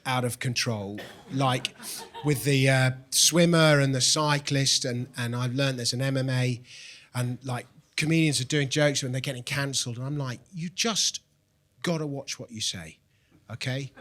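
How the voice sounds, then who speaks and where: A man's voice: medium pitch, unhurried, a bit bright. A man doing a stand-up comedy set on a club stage, telling wry, rambling stories into a handheld mic.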